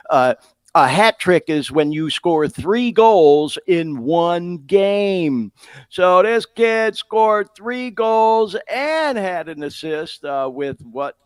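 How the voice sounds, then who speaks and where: A middle-aged man hosting a podcast, talking in a casual, excited way and saying "y'all" and "man" a lot. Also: medium pitch, dry recording, clean studio sound. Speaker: podcast host.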